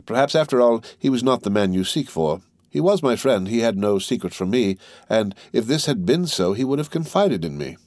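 A man's voice: mid-range voice, lively intonation, brisk, darkish tone, dry recording, clean studio sound, pitched above the performer's own voice, lightly acted. A man reading the part of a grave, mysterious count in an audiobook, earnest and restrained. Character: grave, mysterious nobleman count, middle-aged.

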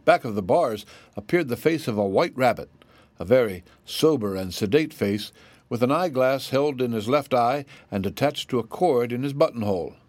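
A man narrating a children's storybook in a steady, measured reading. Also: medium pitch, no echo.

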